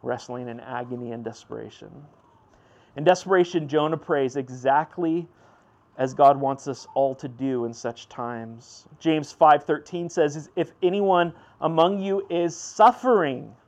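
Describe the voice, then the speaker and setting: A man preaching a sermon in a conversational way, with fillers and asides to the congregation, swinging between loud emphatic bursts and low hushed passages. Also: unhurried.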